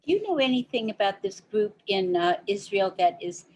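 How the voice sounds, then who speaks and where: A woman's voice: medium pitch, lively intonation, moderate pace, a little mellow. A woman in a class asking a question, hesitant and searching for words. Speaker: class participant.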